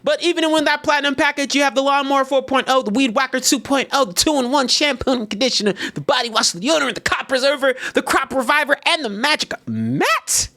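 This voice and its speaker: A man's voice: very high-pitched, fast, few pauses. A man hosting a podcast, doing a casual, playful ad read and chatting with his co-host. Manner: animated, playful, jokey.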